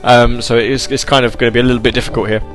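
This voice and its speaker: Faint music sits under this very fast, level-toned, medium-pitched male voice. He is a young British internet radio presenter whose casual live banter wanders and turns self-mocking, sometimes switching into an announcer voice that has left his throat sore.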